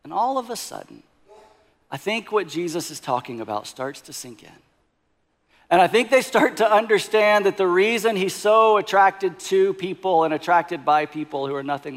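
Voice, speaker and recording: A man preaching a sermon, retelling a parable with lively storytelling and hushed emphasis. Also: fairly high pitch. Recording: long hall reverb.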